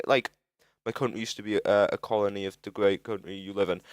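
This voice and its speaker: Young British guy streamer, low and smooth, dry close mic, rambly and sweary. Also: steady tone, no room sound. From Britain. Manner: rambling, self-interrupting, swearing, quick to frustration. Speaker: livestreamer. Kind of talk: casual live-stream chat while game building.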